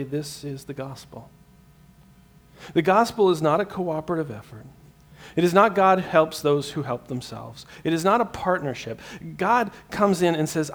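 A man preaching a sermon as pastor, earnest, swinging from emphatic peaks to hushed, slow lines, often repeating a word as he restarts. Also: on the high side. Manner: repeats words as he restarts sentences.

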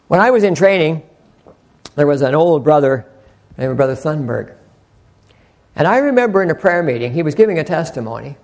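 A man's voice: on the high side, expressive, a little fast, pauses often, a little mellow. An older man preaching an earnest, conversational sermon, rambling with frequent restarts. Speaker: pastor.

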